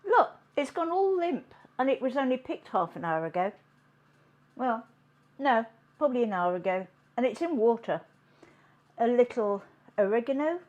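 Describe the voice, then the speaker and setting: A woman hosting a home cooking demonstration, chatting in an unhurried way as she works in her kitchen. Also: fairly high pitch, big pitch swings, a little mellow, lo-fi sound. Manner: chatty, unhurried, talks while working. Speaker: cooking show host.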